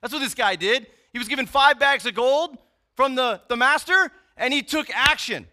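A man's voice: extremely high pitch, moderate pace, pushed and bright. A man preaching a sermon in a conversational, emphatic teaching style, often checking in with tag questions. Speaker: pastor.

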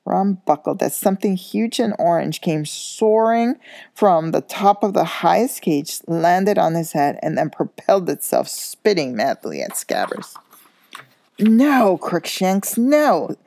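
A woman reading a children's novel aloud, steady but with small slips and corrections. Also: on the low side, a little slow, vocal fry, no echo. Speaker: school coach reading aloud.

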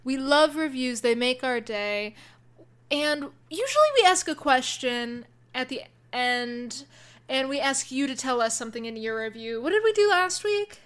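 A high-pitched woman co-hosting a podcast in relaxed, casual chat. She sounds enthusiastic throughout and stretches words out to lean on them. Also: moderate pace. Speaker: podcast co-host.

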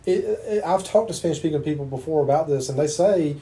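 In this conversational interview, the interviewer is an eastern North Carolina man with a Southern accent who keeps things chatty, affirming and anecdotal. His fairly high voice is mellow, and he talks fast.

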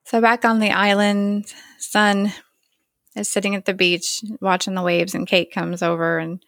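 A woman's voice: mid-range voice, flat delivery, unhurried, vocal fry, a bit bright, no room sound. A woman co-hosting a casual chat, retelling a TV episode scene by scene and quoting the characters in her own voice. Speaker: podcast co-host.

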